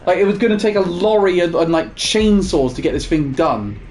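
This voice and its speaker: A man's voice: high-pitched, expressive, a little fast, darkish tone, slight background noise. A young man chatting casually while gaming, telling rambling stories with many fillers and restarts. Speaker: gaming co-host.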